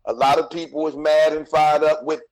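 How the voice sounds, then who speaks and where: A man's voice: fairly high pitch, level tone, normal speed, darkish tone, low-quality recording. Insistent man with a raised voice. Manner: insistent, teasing, repeats himself for emphasis. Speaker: podcast co-host. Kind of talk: casual chat about battle rap.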